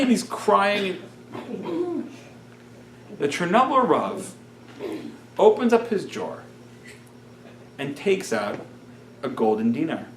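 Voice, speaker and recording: A man's voice: sits high, reverberant, far from the mic. A man, a rabbi, telling a story in a Torah class and acting out the characters' lines.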